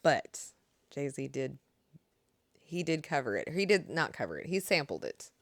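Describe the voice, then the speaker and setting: A woman's voice: deep voice, very animated, measured pace, no room sound, clean studio sound. A young woman streamer chatting casually with her viewers and reading their messages, laughing often. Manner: chatty, reads and answers chat, laughs often. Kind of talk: casual live-stream chat.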